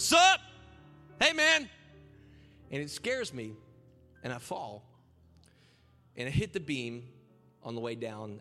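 A young man, a pastor, telling his own story in an animated sermon that rises into a preaching cry. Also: fairly high pitch, big-room sound. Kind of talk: sermon testimony.

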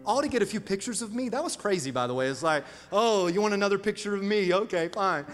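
A middle-aged male pastor preaching a sermon with call-and-response asides and sudden swings from quiet to loud. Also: high voice, animated, fast talker. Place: large church hall. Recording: reverberant church hall with music.

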